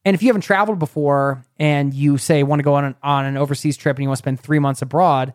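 A man's voice: fairly high pitch, fairly even intonation, fast, dry recording, studio quality. A man hosting a conversational podcast interview, chatty and asking probing questions. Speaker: podcast host.

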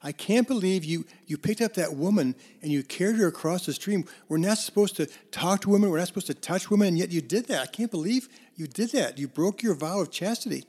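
A man's voice: high voice, animated, brisk, few pauses, a little mellow, slightly rough, voice pushed up. A man voicing an indignant monk who scolds his friend and repeats himself in exasperation.

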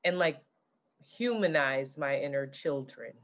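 A young adult woman co-hosting a podcast in casual chat, blunt and profane and quick to laugh. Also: rumbling low, lively intonation. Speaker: podcast co-host.

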